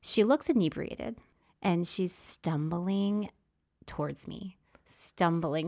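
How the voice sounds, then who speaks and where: A woman telling a story in casual chat, swinging from whispers to loud exclamations as she acts it out. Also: lowish voice, expressive, measured pace, creaky.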